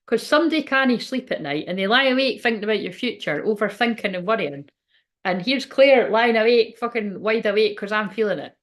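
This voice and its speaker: A woman's voice: a little high, animated, fairly quick. A woman, giving a casual, rambling tarot reading, swearing freely and laughing often. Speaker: tarot reader and medium.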